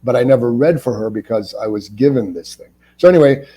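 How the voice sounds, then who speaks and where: A middle-aged actor guesting on an interview, telling stories casually and animatedly, acting out the people in them and stumbling over restarts when he gets excited. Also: medium pitch, brisk, husky. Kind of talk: casual anecdotal storytelling.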